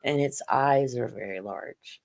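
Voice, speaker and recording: Halting, earnest middle-aged woman. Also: extremely low pitch, creaky, darkish tone. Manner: halting, earnest, many "you know"s. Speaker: interview guest. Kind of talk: personal account in a podcast interview.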